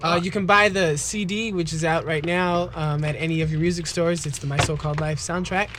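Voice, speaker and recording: Halting young man guest with fillers. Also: fairly high pitch, steady tone, a bit bright, a little hiss or hum. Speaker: TV actor guest. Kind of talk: casual radio guest chat.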